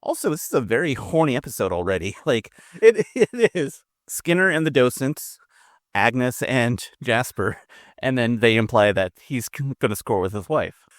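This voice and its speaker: A man's voice: medium pitch, sing-song, moderate pace, dry recording, clean studio sound. A man co-hosting a podcast in casual, jokey chat, laughing often. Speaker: podcast co-host.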